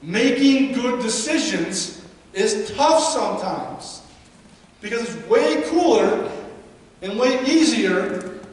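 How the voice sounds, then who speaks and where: Speaking at a slow pace, a man with a high voice coaches players and parents in a motivational talk as a guest at a youth baseball seminar. He's energetic and quizzes the audience, captured by a distant mic in an echoey hall.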